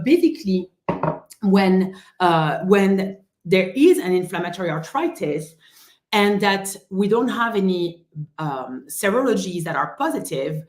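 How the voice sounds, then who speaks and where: A woman's voice: mid-range voice, reverberant. A woman with a French accent, a rheumatologist hosting a casual live-stream lesson, chatty and full of "uh" and "um" fillers.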